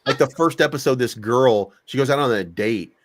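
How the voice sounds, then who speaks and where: A man's voice: medium pitch, moderate pace, heavy background noise. A man co-hosting a crypto talk show, ranting casually with profanity and mock quotes. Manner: animated, swearing, rants with mock quotes. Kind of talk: casual chat. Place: online audio room.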